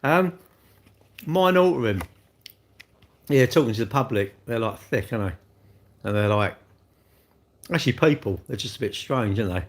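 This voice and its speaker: A man chats in a loose, cheeky ramble on a home livestream. He talks with his mouth full and answers viewers as he goes. His pitch sits in an ordinary middle range. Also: animated, moderate pace, pauses often. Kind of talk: casual livestream chat while eating.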